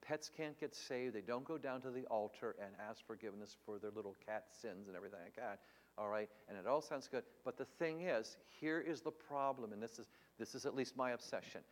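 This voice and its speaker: A man's voice: mid-range voice, a little fast, long reverb tail. A man preaching in an earnest, emphatic way, teaching Bible answers on a live stream and asking rhetorical questions.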